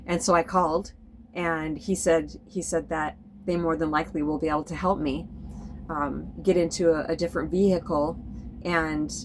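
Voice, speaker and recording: Woman vlogger, rambling spiritual chat, candid, swears a little, voice on the low side. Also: a little hiss or hum, low-quality recording. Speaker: spiritual vlogger drawing cards. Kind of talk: casual spoken vlog monologue. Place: sitting indoors at home.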